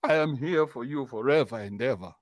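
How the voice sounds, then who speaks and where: A man's voice: mid-range voice, a little fast, no echo, studio quality, lightly acted. A Kenyan-accented man mockingly voicing a smug husband who walks out on his family. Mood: pleading. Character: smug runaway husband quoted in mockery.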